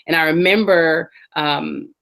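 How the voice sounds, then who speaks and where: Guest, woman in her forties, low, warm-toned speaker, earnest and reflective, telling her life story. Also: takes it slowly. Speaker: interview guest. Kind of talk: personal testimony in an interview.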